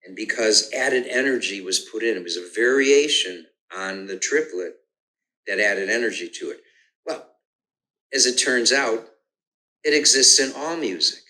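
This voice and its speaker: An older man talks through his musical start in an easy conversational way, breaking off to hum rhythms and restarting his sentences. His voice sits low yet comes across bright and forceful. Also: animated, measured pace, poor audio. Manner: hums and sings rhythms aloud to explain, frequent restarts. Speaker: guest musician. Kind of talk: relaxed conversational storytelling.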